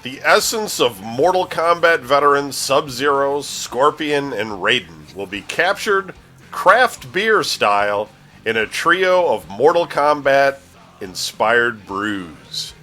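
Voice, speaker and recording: A man hosts a casual radio-style gaming news show, reading the week's game releases in a lively, swooping voice. His tone is bright, and he cracks jokes and stumbles over odd names. Faint music plays behind him. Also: medium pitch, slow. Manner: jokey, laughs often, stumbles over names. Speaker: news host.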